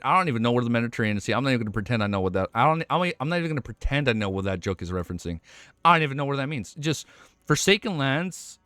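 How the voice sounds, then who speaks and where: A young American man reacting to a webnovel on stream, excitable and swearing often, laughing as he talks. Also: medium pitch, no echo. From United States. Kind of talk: casual reaction commentary.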